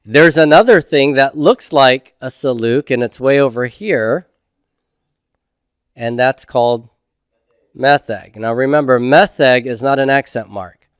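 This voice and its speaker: Middle-aged man, patient classroom lecturer, unhurried, dry recording. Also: mid-range voice, clear, resonant tone, no room sound. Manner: slow, methodical, checks in with "okay?". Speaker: Hebrew instructor.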